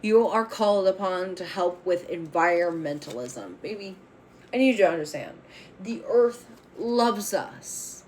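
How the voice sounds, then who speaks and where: A woman's voice: on the low side, lively intonation, a little slow, darkish tone, a little hiss or hum. A woman reading tarot cards on a spiritual vlog, speaking bluntly and with fiery emphasis, swearing freely as she makes bold declarations. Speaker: tarot reader.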